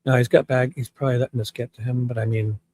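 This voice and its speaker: A man's voice: mid-range voice, little pitch movement, quick pace, dark tone, slight background noise. A man co-hosting a casual true crime live chat, easygoing and supportive.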